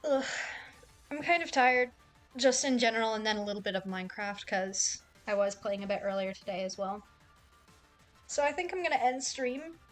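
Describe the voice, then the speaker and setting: A woman's voice: fairly high pitch, expressive, moderate pace, faint music behind. A young woman streaming casually, rambling and cooing affectionately at cats in a game. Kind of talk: casual livestream chat.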